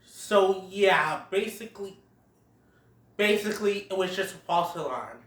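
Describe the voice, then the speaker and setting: With an animated, mid-range voice that's a little slow and a bit bright, a movie reviewer walks casually through a cartoon film, giggling and quoting lines. The recording is distant from the mic with roomy echo.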